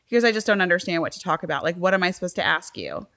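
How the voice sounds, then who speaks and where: A woman's voice: fairly low pitch, racing. A woman in her thirties telling a friend a story in casual chat, laughing often and acting out what people said. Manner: animated, laughs often, acts out quotes. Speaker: storyteller recounting a date.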